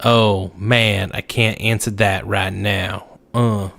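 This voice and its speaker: Slow-talking joking male livestream host. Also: lowish voice, little pitch movement, vocal fry, fairly bright tone. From United States. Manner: joking, riffing, slow drawl with sudden outbursts. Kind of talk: casual livestream chat reading viewer comments.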